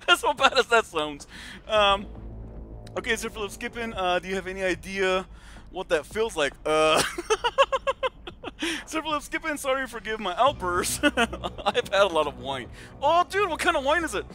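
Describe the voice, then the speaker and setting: Chatty gamer dude reading chat, laughs a lot, high bright voice, faint game music behind. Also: male voice. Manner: giggly and chatty, laughs often, calls viewers dude. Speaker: game streamer. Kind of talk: casual live-stream chat, reading viewer comments aloud.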